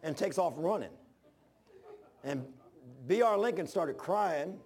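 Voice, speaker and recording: Male preacher, slightly high voice, storytelling sermon with shouted peaks. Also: takes it slowly. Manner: animated storytelling, bursts of shouting.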